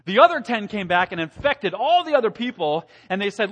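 A man preaching a sermon, animated, asking the congregation questions and acting out quotes in a raised voice. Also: sits high, fairly quick, hardly any pauses. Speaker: pastor.

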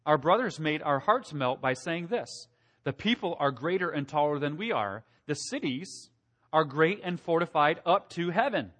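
Animated high-voiced male preacher. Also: normal speed. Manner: animated, asks the congregation questions; acts out quotes in a raised voice. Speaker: pastor. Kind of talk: sermon.

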